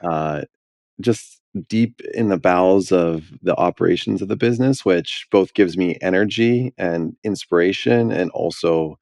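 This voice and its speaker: A man's voice: low-pitched, unhurried, creaky, darkish tone, no room sound, clean studio sound. A man co-hosting a business podcast, talking earnestly about his company in a casual chat. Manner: earnest, many fillers and restarts. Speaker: podcast co-host, company leader.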